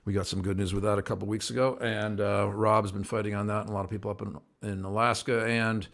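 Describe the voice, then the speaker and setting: A man's voice: on the low side, fast talker, creaky. Earnest rambling man hosting a livestream. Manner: rambling, earnest, gets worked up and calms himself. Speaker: host of a livestream show. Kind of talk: casual livestream chat to viewers. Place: at home by a window, indoors.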